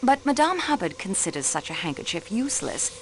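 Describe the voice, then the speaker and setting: A woman's voice: medium pitch, big pitch swings, a little fast, a little hiss or hum. A young woman voicing a poised, persistent amateur detective in a mystery game, dropping in French phrases. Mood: probing. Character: sharp young female sleuth, cool and persistent. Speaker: railway clerk acting as detective. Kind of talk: video game voice acting.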